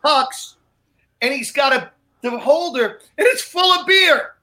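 A man's voice: very high voice, animated, a little slow, pushed and bright, rough recording. A man, a stand-up comedian, telling brash, profane stories in casual chat with other comics. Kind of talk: casual storytelling among comics.

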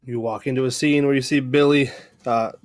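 A man narrating as game master of a tabletop game, loose and halting. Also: mid-range voice, fairly even intonation, no echo, clean studio sound.

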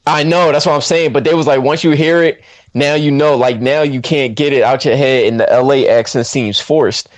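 A podcast co-host reviews a film in casual chat, animated and full of slang, tossing in quick quoted asides. When he quotes himself, his voice swoops up high. The recording is dry.

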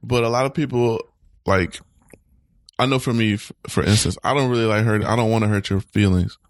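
A man's voice: fairly quick, no room sound, studio quality. A man co-hosting a podcast, chatting casually with a joking, profane manner. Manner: animated, profane, jokey, jumps into high voices for quotes. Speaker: podcast co-host. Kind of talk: casual chat.

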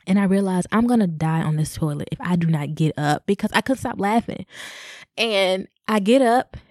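A young woman hosting a podcast, telling a personal story in a casual, animated way, laughing often and talking straight to her listeners. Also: mid-range voice, normal speed, long pauses, dry recording, studio quality. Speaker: podcast host.

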